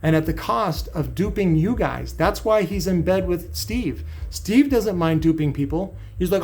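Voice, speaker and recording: A man's voice: high voice, animated, normal speed, a little mellow. A middle-aged man ranting bluntly and profanely to his viewers in a vlog. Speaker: channel host. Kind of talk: angry vlog rant.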